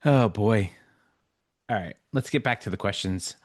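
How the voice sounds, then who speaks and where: A man's voice: lowish voice, a little slow, no room sound, clean studio sound. A man co-hosting a podcast, asking questions in an easygoing, good-humored way. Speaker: podcast co-host. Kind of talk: casual interview chat.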